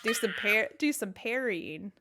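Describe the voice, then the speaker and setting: A woman's voice: mid-range voice, lively intonation, unhurried, background noise. A woman co-hosting a gaming podcast in casual chat, rambling and jokey as she drifts into tangents. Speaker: podcast co-host.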